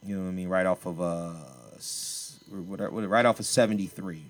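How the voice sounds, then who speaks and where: A man's voice: low-pitched, fairly even intonation, normal speed. Slangy man hosting a casual podcast. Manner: loose, slangy, repeats himself. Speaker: podcast host. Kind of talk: casual chat.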